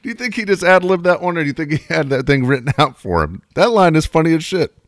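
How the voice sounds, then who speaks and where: Radio host, middle-aged male, mid-pitched voice, very lively intonation, dry booth sound. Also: fast, no room sound. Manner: loose, profane, laughs easily. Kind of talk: casual sports radio banter.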